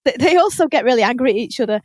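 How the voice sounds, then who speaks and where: Laughing British woman, high-pitched and dry. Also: rapid-fire, no room sound. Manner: laughs often, swears casually, animated storytelling. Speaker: podcast host. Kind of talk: casual chat.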